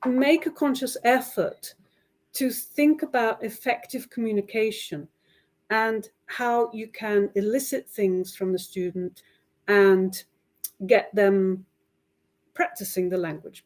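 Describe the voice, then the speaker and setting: A woman's voice: mid-range voice, darkish tone. A woman leads an online teacher-training session in a mid-range voice. She keeps the tone friendly and informal, checking in with her listeners and laughing lightly as she goes. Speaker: teacher trainer presenting a webinar. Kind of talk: online webinar talk to teachers.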